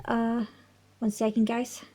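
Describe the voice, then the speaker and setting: A woman chatting casually while she plays a video game. Her voice is fairly high and her asides come slowly and loosely. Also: completely flat delivery, mellow. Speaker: game streamer. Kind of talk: let's-play commentary.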